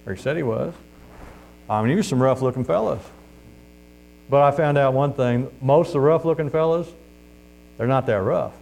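A man's voice: mid-range voice, a little mellow. A middle-aged man preaching informally as a street preacher, telling stories in a folksy way with laughs and calls of "Amen?". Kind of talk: informal testimony sermon.

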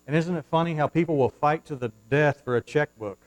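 A male pastor preaching a sermon from the pulpit, swinging from hushed asides to loud, fervent surges and reading scripture in formal old-fashioned wording. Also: on the high side, fairly quick, few pauses, low-quality recording. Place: church, at the pulpit.

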